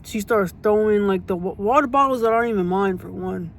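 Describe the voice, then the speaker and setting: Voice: mid-range voice, fairly quick, slight background noise. A casual storytime vlogger who tells a story bluntly and indignantly, swears freely and repeats points for emphasis.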